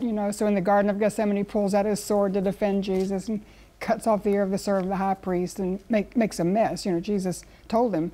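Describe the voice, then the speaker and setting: A woman guest Bible teacher speaks fast in a dark, medium-pitched voice with little pitch movement. Her teaching is earnest and conversational, told as stories with acted-out quotes.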